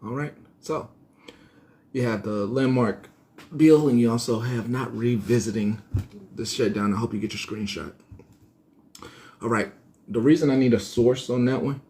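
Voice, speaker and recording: A man's voice: mid-range voice, moderate pace, long pauses, warm tone. Rambling man hosting a casual news stream. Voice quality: slight twang put on in his voice. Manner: rambling, self-correcting, thinking aloud. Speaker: news show host. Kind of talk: casual solo news commentary.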